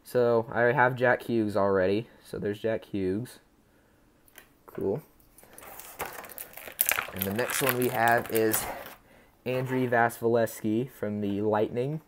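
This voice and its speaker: A man of medium pitch and steady tone unboxes items on camera, chatting cheerfully and loosely with viewers while fumbling player names. He takes it slowly, with long pauses, and there's slight background noise.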